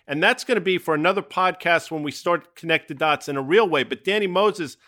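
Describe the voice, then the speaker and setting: Man, podcast co-host, bright forceful voice, a little high, emphatic and opinionated. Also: a little fast. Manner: emphatic, opinionated, name-dropping movie quips. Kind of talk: casual market talk.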